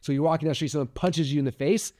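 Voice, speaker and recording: Guy in his 40s, podcast host, quick motivational rant, mellow tone, lots of "like". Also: a little high. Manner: energetic, chatty, frequent "like" fillers. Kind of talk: motivational talk to camera.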